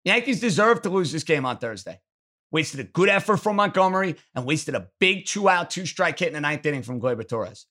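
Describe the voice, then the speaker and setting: Sports radio host, male, bright and punchy delivery, blunt opinions. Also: a little high, sing-song, fairly quick. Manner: blunt, emphatic, ranting. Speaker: sports talk show host. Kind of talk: opinionated sports call-in commentary.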